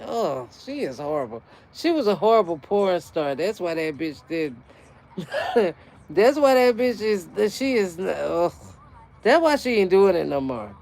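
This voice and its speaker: A woman talks loosely to her viewers in an unscripted livestream, breaking into laughter again and again. Her speech is blunt and full of profanity, animated and offhand. She is a gardening channel host just chatting. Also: on the low side. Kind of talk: casual livestream chat.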